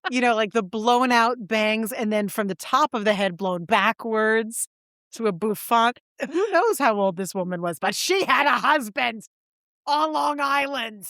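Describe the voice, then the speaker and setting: A woman co-hosting a podcast, chatting and telling stories with animated impressions. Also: on the high side, normal speed, dry recording, clean studio sound. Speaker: podcast co-host. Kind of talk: casual chat.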